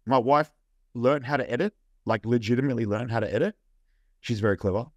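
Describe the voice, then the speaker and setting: A man's voice: mid-range voice, quick pace, no echo. Chatty Australian man telling stories. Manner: animated anecdotes with "right?" and "I'm like". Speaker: interview guest. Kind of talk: casual storytelling.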